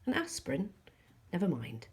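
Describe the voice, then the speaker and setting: A woman voicing a weary, sickly old man with a squeaky voice, sighing and curt. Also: wildly swooping pitch, moderate pace, a little mellow, husky, heavily acted. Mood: grumpy dismissive.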